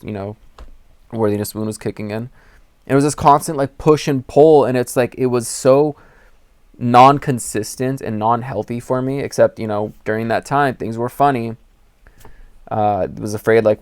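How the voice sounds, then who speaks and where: A man's voice: medium pitch, darkish tone, clear, resonant tone, dry recording, clean studio sound. A young man talking earnestly to camera, giving personal advice in a rambling way with acted-out quotes. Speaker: spiritual advice channel host. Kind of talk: candid personal talk to camera.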